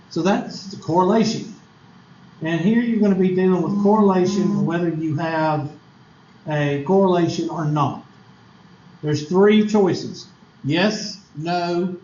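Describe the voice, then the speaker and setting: In a classroom lecture on statistics, the teacher is a man whose voice sits slightly high with a darkish tone. He keeps things folksy and conversational, firing questions at the class. The recording is echoey and somewhat dull, with faint noise in the background.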